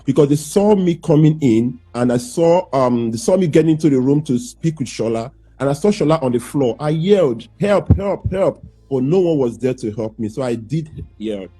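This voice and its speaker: A man's voice: medium pitch, animated, normal speed, few pauses, dark tone, husky, faint music behind. A man playing a nervous accused defendant. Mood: pleading. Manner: hesitant, restarting sentences, pleading. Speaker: accused man testifying in a mock trial. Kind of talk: student courtroom role-play.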